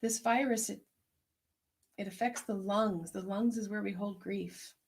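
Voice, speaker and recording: A woman herbalist hosting an online tea circle, speaking in a gentle, unhurried, prayerful way as she reflects and reads out messages. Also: mid-range voice, steady tone, creaky. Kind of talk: reflective spoken meditation and chat reading.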